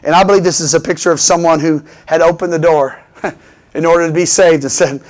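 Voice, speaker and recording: A male preacher delivering an animated sermon, calling for responses and asking for "Amen" again and again. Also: a little high, brisk. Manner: animated, fervent, repeatedly asks for "Amen".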